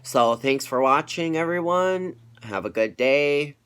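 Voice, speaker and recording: A man's voice: on the high side, animated, unhurried, a bit bright, clean tone. A young man, feeling unwell, casually retelling an irritating phone call in a rambling vlog update. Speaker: vlogger.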